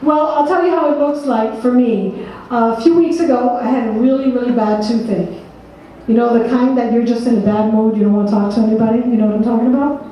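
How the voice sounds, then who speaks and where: High-voiced woman with a New Jersey accent. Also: steady tone, a little fast, lo-fi sound, a little hiss or hum. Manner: quizzes the audience, calls on people by name. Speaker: workshop presenter. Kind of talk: interactive seminar talk. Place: meeting room with an audience. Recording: echoey room from a distance.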